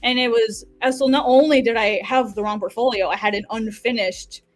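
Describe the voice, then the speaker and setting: An American woman, a manga artist, telling a story in a casual interview, animated and full of "like"s, laughing often. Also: on the high side, fairly quick, soft background music. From United States.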